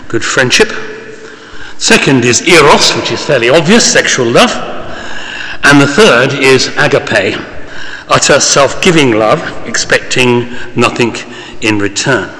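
A man's voice: medium pitch, pushed and bright, big-room sound. A man preaching a sermon in a conversational way, with small asides and fillers. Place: church.

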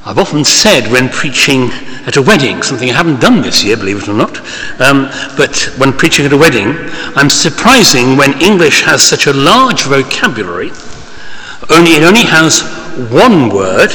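A man gives a sermon in a church, talking through his points casually, with fillers and small asides. His voice sounds bright and forward. Long reverb from the large hall trails behind his words. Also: medium pitch, big pitch swings, normal speed. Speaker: preacher.

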